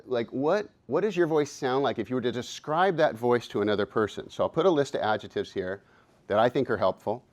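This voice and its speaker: A man in his fifties leads a workshop in a conference room. He speaks in an upbeat, playful and encouraging way. His voice sits at an average pitch. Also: lively intonation, fairly quick. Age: 50s. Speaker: workshop presenter and coach. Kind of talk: live workshop talk.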